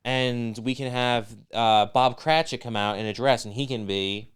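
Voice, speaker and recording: A man's voice: medium pitch, moderate pace, clean tone. A man co-hosting a podcast in casual chat, crude and sarcastic, teasing his co-host.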